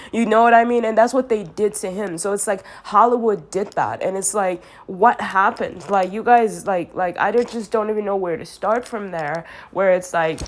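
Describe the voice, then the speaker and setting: A woman's voice: mid-range voice, moderate pace, few pauses. A woman talking straight to camera in an earnest, rambling monologue, sounding congested and often restarting her sentences. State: congested from sinus trouble.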